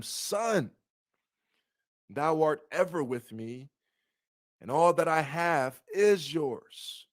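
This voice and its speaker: A man leading a bible study, reading scripture aloud and breaking off with rhetorical questions and frequent restarts. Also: mid-range voice. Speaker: bible teacher.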